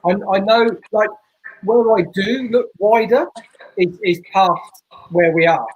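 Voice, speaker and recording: A man's voice: high-pitched, slow pace, slightly rough, lo-fi sound. A man, a barbershop owner, chatting earnestly as a podcast guest. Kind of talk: casual podcast chat.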